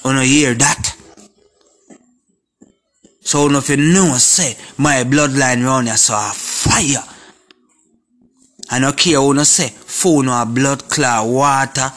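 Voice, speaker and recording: Forceful Jamaican man preaching. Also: mid-range voice, takes it slowly, pauses often. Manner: preachy, repetitive, speaking in Jamaican patois; forceful and confrontational. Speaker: vlogger. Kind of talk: impassioned monologue to camera.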